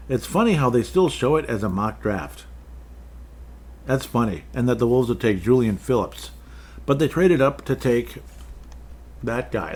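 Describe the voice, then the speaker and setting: A man's voice: mid-range voice, darkish tone, breathy edge. A man hosting a casual solo sports podcast, rambling and interrupting himself, with offhand rants and frequent chuckles. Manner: rambling, self-interrupting, digressive; chuckles often, offhand ranting. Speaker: podcast host.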